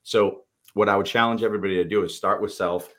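A fast-talking man with a Boston accent co-hosts a motivational podcast, earnestly telling stories in a casual style sprinkled with swearing. His voice is on the low side, steady in tone and fairly bright.

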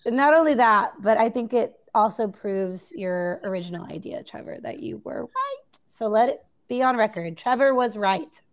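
A woman's voice: fairly high pitch, animated, normal speed, hardly any pauses. A woman with a New Zealand accent, co-hosting a podcast in casual chat, chatty and giggly with many fillers. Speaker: podcast co-host.

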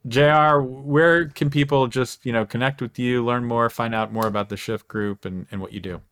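A man's voice: mid-range voice, steady tone, fairly bright tone, clean tone. A man hosting a podcast, talking casually with frequent halts and restarts. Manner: halting, many restarts and fillers. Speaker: podcast host. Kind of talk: casual interview chat.

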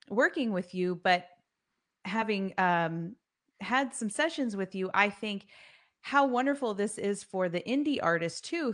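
A woman's voice: medium pitch, a bit bright. A woman hosting a singing podcast, talking enthusiastically with frequent ums. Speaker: podcast host and singing coach. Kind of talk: casual interview chat.

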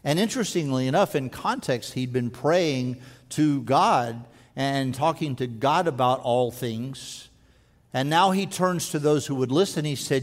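A man preaching a sermon in earnest, stumbling over restarts and dropping to a slow, quiet voice for emphasis. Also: mid-range voice. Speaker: pastor. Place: church sanctuary. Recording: long hall reverb.

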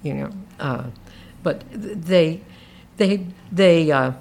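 A woman co-hosting a casual book chat, talking haltingly with many restarts. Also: sits low, creaky, a little mellow. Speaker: podcast co-host discussing a book.

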